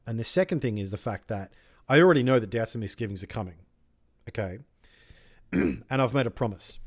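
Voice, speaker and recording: A man's voice: mid-range voice, darkish tone. A young man hosting an advice channel, talking bluntly and directly, swearing freely as he coaches a viewer. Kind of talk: casual advice talk to camera.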